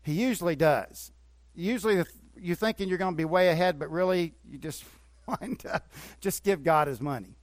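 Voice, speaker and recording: Emphatic preacher man, fairly high. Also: a little fast, no echo. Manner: emphatic preaching with rising bursts and quiet asides. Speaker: pastor. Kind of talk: sermon.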